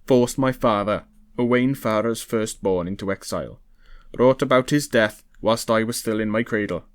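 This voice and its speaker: A man reading aloud, voicing an earnest young prince who speaks in a measured, wry way. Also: fairly low pitch, no room sound, studio quality, close to an everyday voice. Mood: determined.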